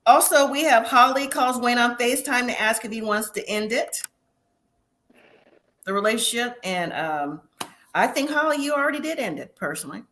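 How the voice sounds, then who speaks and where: Chatty, opinionated woman host with a bright, slightly high voice for a casual review stream. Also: expressive, moderate pace, a little hiss or hum. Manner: chatty, opinionated, laughs often. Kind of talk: casual live review chat.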